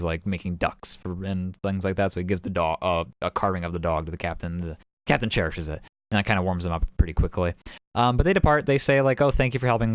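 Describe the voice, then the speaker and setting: Recorded cleanly in a home streaming setup with no echo, a man with a lowish voice recaps a tabletop session as game master. His casual talk wanders, packed with fillers and restarts.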